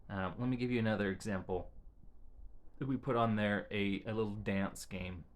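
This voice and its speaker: A halting, low-voiced man updating his viewers. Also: steady tone. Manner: halting, searches for words, often restarts phrases. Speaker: father giving a family update. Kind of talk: casual vlog update. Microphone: camera he adjusts himself.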